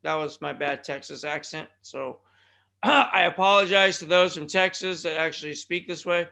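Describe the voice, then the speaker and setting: A man's voice: a little high, normal speed, gravelly, pushed and bright. A man from California hosting his own podcast, rambling through jokey asides and calling his listeners folks. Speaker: podcast host. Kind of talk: casual rambling podcast monologue.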